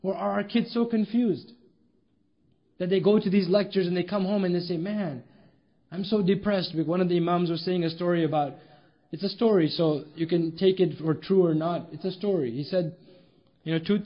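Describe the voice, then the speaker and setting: A man preaching a sermon with emphatic rhetorical questions and storytelling. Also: sits high. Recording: dull lo-fi recording.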